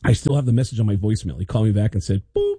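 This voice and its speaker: Husky, dark-voiced man telling a comic story. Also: lowish voice, racing, no echo, studio quality. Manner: animated, slips into voice impressions. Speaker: guest comedian. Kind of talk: comic storytelling on a radio show.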